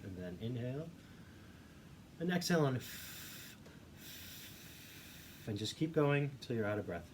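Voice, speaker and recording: A male voice teacher calmly guiding a singing warmup, giving encouraging instructions. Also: medium pitch, moderate pace. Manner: demonstrates hums and vocal sounds. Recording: faint background noise.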